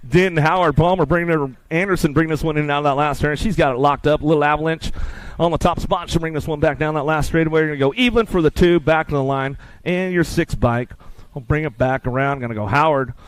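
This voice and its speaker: Upbeat man calling races. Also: on the high side. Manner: rapid play-by-play, banters with crowd. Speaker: race announcer. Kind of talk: live race commentary.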